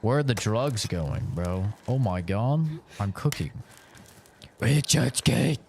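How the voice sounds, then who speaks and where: Over slight background noise, a young man with a lowish voice takes his time while streaming a game. Tired after a long session, he swears, talks to himself and has excitable outbursts in his live commentary.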